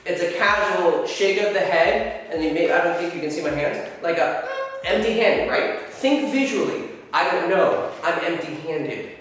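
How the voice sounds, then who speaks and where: A man coaching on dating speaks to camera at a moderate pace, his voice sitting high and a bit bright, swearing freely and demonstratively acting out examples. A little hiss or hum is present, and he's far from the mic in an echoey hall.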